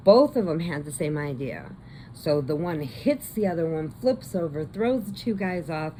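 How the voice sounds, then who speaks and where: A woman casually retelling a movie plot, chatty, slipping into quick voices for the characters. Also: low voice, mellow, slight background noise. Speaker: crochet vlogger.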